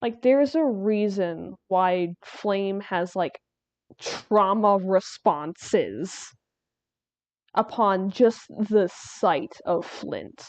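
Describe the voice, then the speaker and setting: A woman's voice: mid-range voice, lively intonation, extremely slow, no echo. Rambling, laughing woman streamer. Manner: rambling, laughing, restarts mid-thought. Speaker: artist streamer. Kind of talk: casual stream chat while drawing.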